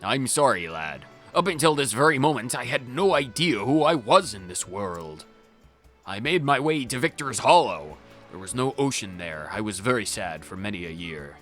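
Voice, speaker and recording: A man voicing a forgetful old male ship captain in a video game playthrough, speaking in a gruff drawl. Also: medium pitch, huge pitch swings, slow, hardly any pauses, darkish tone, faint music behind, heavily acted.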